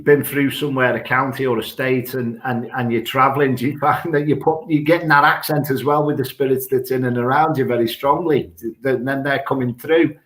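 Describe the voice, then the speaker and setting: A man's voice: medium pitch, fairly even intonation, fairly quick, hardly any pauses, a bit bright. A British man hosts the chat, asking long, winding questions and restarting his sentences. His voice sits in a roomy, echoey space. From United Kingdom. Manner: rambling questions with repeated restarts. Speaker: host. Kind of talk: casual interview chat. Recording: roomy echo.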